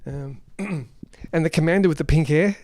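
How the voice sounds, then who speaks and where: A man's voice: fairly high pitch, normal speed, darkish tone. Man rambling through an off-the-cuff review. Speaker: film reviewer. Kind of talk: unrehearsed spoken film review.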